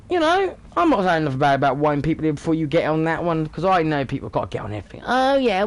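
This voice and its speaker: A British man in his thirties ranting sarcastically in a casual vlog, swearing often. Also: extremely high pitch. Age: 30s. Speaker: vlogger.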